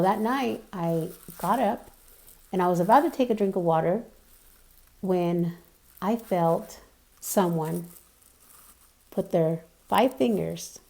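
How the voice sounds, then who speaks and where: Woman vlogger telling her story, warm mellow voice, lots of likes and you knows, super earnest. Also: mid-range voice, creaky. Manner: chatty, many fillers and asides; earnest, insists she is telling the truth. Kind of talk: casual storytelling.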